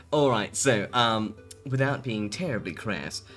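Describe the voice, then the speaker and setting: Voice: mid-range voice, sing-song, slow, a bit bright, faint music behind. A VTuber streamer in casual live-stream chat, giggling and rambling while answering chat.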